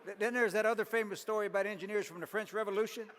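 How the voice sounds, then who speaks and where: An older man giving an after-dinner speech at a banquet, telling folksy jokes with deadpan punchlines and chuckling at his own jokes. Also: high voice, racing, a faint crowd, slight background noise. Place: large banquet hall. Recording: long hall reverb.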